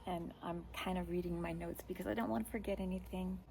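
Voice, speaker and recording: A woman's voice: fairly low pitch, steady tone, quick pace, vocal fry, warm tone, slight background noise, poor audio. A woman giving a heartfelt birthday tribute to a close friend, partly reading from notes and getting choked up. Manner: emotional, choked up, voice dropping to a whisper at times.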